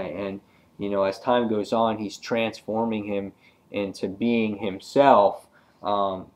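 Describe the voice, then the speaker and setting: A man's voice: fairly low pitch, flat delivery, slow. A man casually reviewing an old comic book, hesitant and full of ums.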